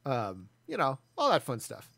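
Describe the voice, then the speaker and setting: A man's voice: medium pitch, huge pitch swings, normal speed, gravelly, sharp tone, husky, dry recording. A man in his forties chatting casually and self-deprecatingly as he streams a building game. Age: 40s. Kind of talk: casual live gameplay commentary.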